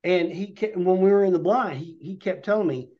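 A man's voice: sits high, brisk. A man, a podcast guest, telling a rambling hunting story in vivid detail and a casual way. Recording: dull lo-fi podcast audio.

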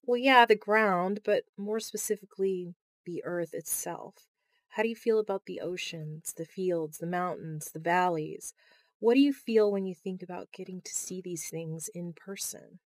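A woman reading the part of a motherly woman counselor who talks gently and reassuringly, in an audiobook. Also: lowish voice, normal speed, dry recording, lightly acted. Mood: curious.

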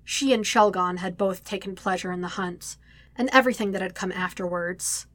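A woman reading a fan story aloud in a quiet, steady narrating voice. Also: mid-range voice, moderate pace, no room sound. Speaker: podfic reader. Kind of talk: audiobook reading.

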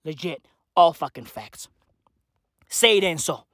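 A vlogger ranting to camera in a slangy, profanity-filled comedic monologue, repeating "bruv" and "fam," with a voice going hoarse. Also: medium pitch, animated, a little slow, fairly bright tone, no echo, studio quality. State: losing their voice, hoarse.

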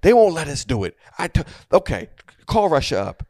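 A man voicing an older male cult leader who sounds heated, sarcastic and exasperated, pushing his pitch up. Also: sing-song, fairly quick, a little mellow, no room sound, clean studio sound. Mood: mocking, exasperated.

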